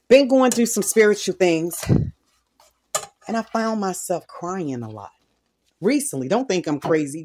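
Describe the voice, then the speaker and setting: A middle-aged woman with a fairly low, slightly mellow voice hosts a home cooking video. As she cooks, she speaks candidly and earnestly about her faith in a casual vlog with personal testimony.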